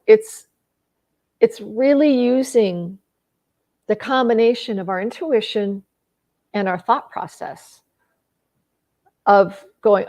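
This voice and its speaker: A middle-aged woman relationship coach speaking casually to an audience. She often restarts and repeats words, and she acts out quoted conversations in other voices. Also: mid-range voice. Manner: acts out quoted dialogue with lively shifts in voice.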